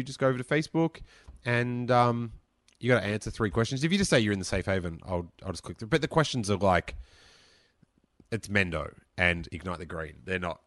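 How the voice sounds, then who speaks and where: A man's voice: on the low side, a bit bright, no echo, studio quality. A young man hosting a podcast, answering listener questions in a rambling, chatty, self-amused way. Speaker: podcast host. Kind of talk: casual listener Q&A chat.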